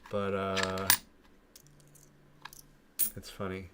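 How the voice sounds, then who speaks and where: Low-pitched and completely flat, this man drags out his words amid heavy background noise of coins dropping and keys typing close by. A coin-collecting channel host from Florida with a New York accent, he rambles laid-back to viewers while sorting coins, muttering to himself and trailing off mid-sentence.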